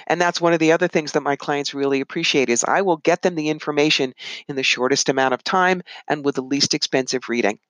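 A woman psychic medium and author, a guest in an interview, telling animated stories and putting on voices when she quotes people. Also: low-pitched, quick pace, dry recording, low-quality recording. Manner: animated, puts on voices when quoting others. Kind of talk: conversational interview storytelling.

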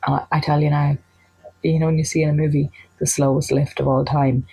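An Irish woman telling a personal anecdote in a chatty, animated way, acting out the lines of the people in it. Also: low voice, brisk, creaky, husky, low-quality recording. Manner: chatty, animated, acts out quoted dialogue. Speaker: storyteller.

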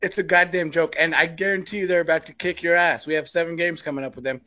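A man's voice: on the high side, fairly even intonation, fast talker. A man co-hosting a sports podcast, delivering a heated, profane rant. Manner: profane, fired-up ranting. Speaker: podcast co-host. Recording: dull lo-fi podcast audio.

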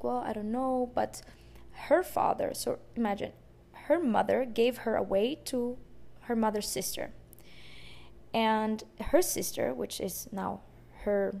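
A woman's voice: a little high, gravelly, a little mellow. A woman podcast host telling a personal story in an emotional, rambling way, with many fillers and restarts.

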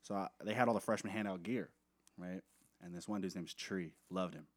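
A young man from the talks quickly in a slightly low voice. He chats casually as a podcast co-host and tells stories, slipping into voices for the people in them. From Seattle area, USA. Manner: quick, animated storyteller who acts out voices in anecdotes. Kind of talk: casual chat.

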